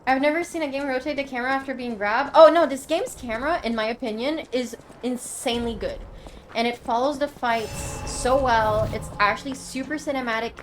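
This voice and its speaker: A young woman streaming a game live, reacting loudly and swearing often as she plays. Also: high voice, fairly quick, a little hiss or hum. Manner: reactive, swearing, frequent outbursts. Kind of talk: live gameplay commentary.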